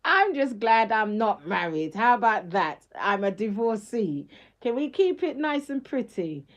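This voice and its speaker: A woman's voice: on the high side, very animated, measured pace, lo-fi sound. Emphatic middle-aged woman streaming live. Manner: emphatic, laughs often, slangy. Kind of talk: casual live-stream talk.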